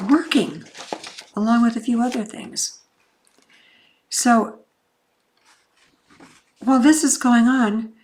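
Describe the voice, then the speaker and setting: A woman telling a personal story in a gentle, unhurried, reflective way, with frequent pauses. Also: mid-range voice. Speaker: speaker.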